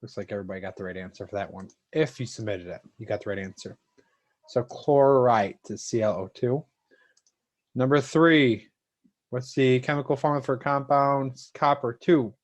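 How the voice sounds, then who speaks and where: A man's voice: mid-range voice, steady tone, normal speed. A man teaching a chemistry lesson to an online class, talking casually and thanking students by name.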